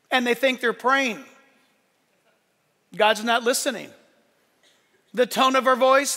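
A male pastor preaching a sermon in a church, swinging between loud emphatic lines and hushed asides. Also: very high-pitched. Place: church sanctuary. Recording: long church hall reverb.

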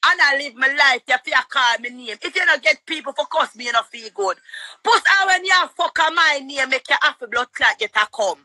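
A woman with a Jamaican accent shouting and cursing in a heated livestream quarrel. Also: high voice, animated, dry recording. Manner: shouting, cursing, rapid-fire. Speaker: livestream guest.

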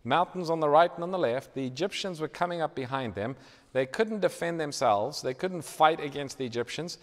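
A man preaching a sermon in a church, dramatic, swinging from loud emphasis to hushed tones. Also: a little high, a little fast. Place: church hall. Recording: reverberant church hall.

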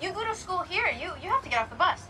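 A woman's voice: very high-pitched, sing-song, quick pace. An actress playing a nervous, awkward teenage schoolgirl in a TV series clip. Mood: flustered. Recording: distant TV clip.

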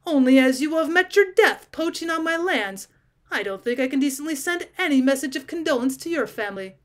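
A woman reading the part of a fierce, vengeful nobleman trapped under a tree, speaking louder and higher than her narration. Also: animated, a little fast. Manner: fierce and raised.

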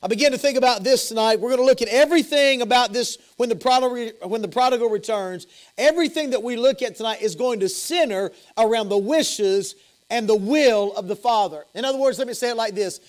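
Southern man, pastor, very high voice, impassioned sermon, repeats and restarts phrases. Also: brisk. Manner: impassioned preaching with repetitions and restarts. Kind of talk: evening sermon. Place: church sanctuary.

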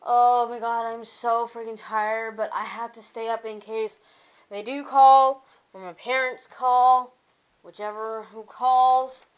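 A woman's voice: a little high, little pitch movement, unhurried, highs cut off. A young woman chatting casually on a vlog, rambling and venting about her week, laughing and swearing as she goes. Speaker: vlogger.

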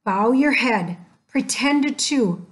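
A cautious, bookish young boy from a storybook, as a woman reader puts him on. He sounds anxious and a little bossy, with a raised pitch and a slow, careful pace. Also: lively intonation. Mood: worried. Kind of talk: storybook reading.

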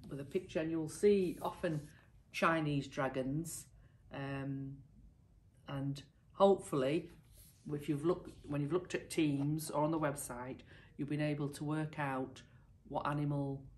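A woman teacher from the United Kingdom reading a picture book aloud to pupils with lively expression. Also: deep voice. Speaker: primary school teacher.

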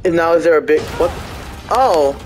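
Rambling, excitable gameplay commentator man. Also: a little high, normal speed, soft background music, poor audio. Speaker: gameplay host. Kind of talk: casual let's-play commentary.

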